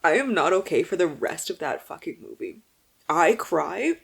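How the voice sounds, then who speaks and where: A young woman talking casually to camera about the books she finished this month. Her voice is slightly low and very expressive, dropping to near-mumbles and then jumping up in loud, profane exclaims. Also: normal speed, vocal fry, slightly rough. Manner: animated, swearing, swings from mumbling to loud exclaims. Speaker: book vlogger. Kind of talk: casual book wrap-up chat.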